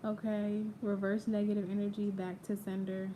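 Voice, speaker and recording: A woman's voice: mid-range voice, completely flat delivery, normal speed, slight background noise. A young woman hosting a casual live-stream tarot reading, chatty and playful, speaking directly to her viewers. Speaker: tarot reader. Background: quiet ambient audio playing.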